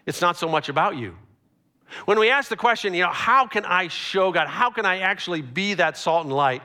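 A man preaching a sermon as a pastor, telling stories with animated, acted-out quotes. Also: sits high, normal speed.

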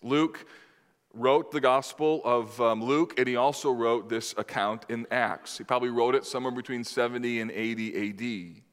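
A man's voice: medium pitch, steady tone, smooth. Man preaching in a reverberant hall. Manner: measured, emphatic, addresses the congregation with questions. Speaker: pastor. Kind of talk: sermon. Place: church sanctuary. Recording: long reverb in a large hall.

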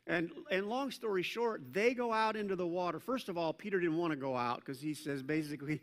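A man preaching a sermon as pastor, animated in his storytelling, acting out scripture voices, and dropping self-deprecating asides. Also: sits high, a little fast, hardly any pauses, long reverb tail.

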